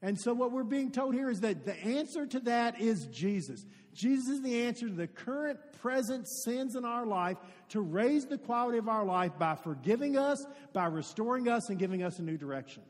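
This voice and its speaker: A high-voiced man delivers a sermon in a church, preaching with earnest storytelling and turning to his congregation with direct questions. His voice rings out with a long hall reverb. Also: expressive, moderate pace, few pauses. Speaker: pastor.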